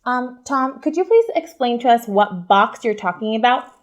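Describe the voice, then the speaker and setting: A young woman, a kindergarten teacher, talks to young children in an animated, upbeat way during a lesson. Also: a little high, normal speed, highs cut off. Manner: animated and upbeat, talking to kids.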